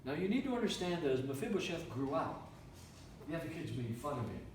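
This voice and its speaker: Animated storytelling preacher in an echoey room. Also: male voice, a little high, quick pace, slight background noise. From Canada. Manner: animated, repetitive storytelling with restarts. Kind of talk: sermon storytelling. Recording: echoey room, mic from far off.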